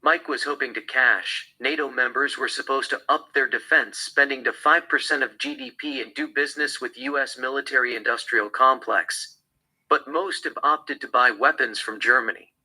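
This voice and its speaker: A man voicing a blunt female government official, reading flatly from a script. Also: medium pitch, normal speed, slightly rough, low-quality recording.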